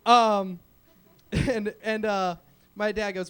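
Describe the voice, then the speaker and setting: A young man with a high, clear, resonant voice works through a rambling, self-deprecating stand-up set at a small open mic, speaking at a normal pace. His routine is packed with fillers.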